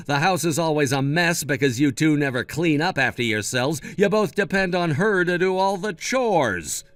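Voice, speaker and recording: A man's voice: a little high, no echo, clean studio sound. Firm, sarcastic male storyteller. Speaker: first-person story narrator. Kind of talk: scripted story narration with dialogue.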